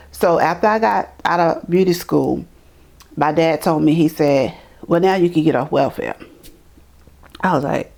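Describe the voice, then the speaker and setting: Middle-aged woman guest, animated storyteller, slightly low voice. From New York. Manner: animated, acts out quoted voices, repeats words. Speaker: interview guest. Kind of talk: storytelling in conversation.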